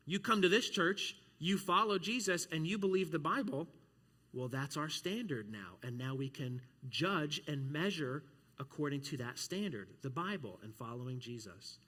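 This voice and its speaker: A man preaching a sermon as a pastor, telling stories in an animated way and acting out other voices. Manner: animated storytelling, acts out voices with big pitch jumps. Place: church sanctuary. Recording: long church hall reverb.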